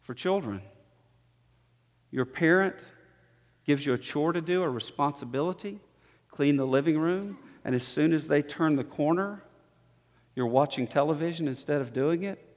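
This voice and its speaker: A man with a high voice delivers a sermon from the pulpit, his words ringing with a long hall reverb. He drops to hushed, low tones for weight, then builds back up to emphatic, insistent statements. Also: moderate pace, pauses often. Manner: dynamic preaching, dropping to soft low tones and rising to emphatic. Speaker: pastor.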